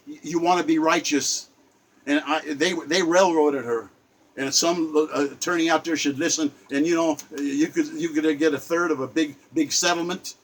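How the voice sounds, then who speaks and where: A man's voice: a little high, a bit bright, low-quality recording. An older man delivering an impassioned spoken rant, indignant and repetitive, often stammering and restarting his sentences. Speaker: self-styled poet giving a spoken commentary.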